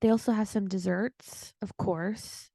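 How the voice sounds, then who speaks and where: A woman with a mellow, warm voice co-hosts a casual podcast chat. She explains details calmly and plainly. The sound is dry and close. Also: mid-range voice, unhurried, vocal fry, no echo. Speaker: podcast co-host.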